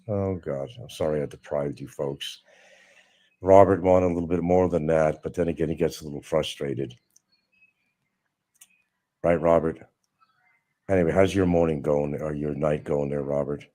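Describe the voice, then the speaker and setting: Deep-voiced sarcastic male stream host. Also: normal speed, mellow. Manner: sarcastic, mocking. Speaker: livestream host. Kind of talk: casual livestream monologue.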